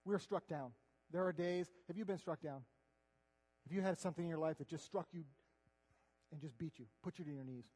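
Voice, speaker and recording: Male preacher, earnest and conversational, high voice, reverberant hall. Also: brisk, long pauses. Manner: earnest, conversational, swings between loud and hushed. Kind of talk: sermon.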